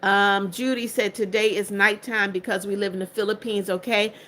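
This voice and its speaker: A woman's voice: mid-range voice, steady tone, moderate pace, pushed and bright, slight background noise. An older woman with a stuffed-up, congested voice reads out viewer comments on her livestream. She answers each one in turn, chatty and blunt. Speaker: livestream host. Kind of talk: reading viewer comments aloud.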